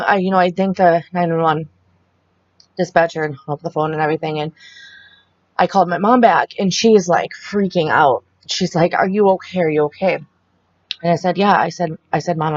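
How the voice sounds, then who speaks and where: A young woman with a notably low voice tells a frightening personal story, pausing and restarting as she replays what was said. The recording is muffled and dry, with little room sound. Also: no room sound. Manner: halting, retells the scene with quoted dialogue.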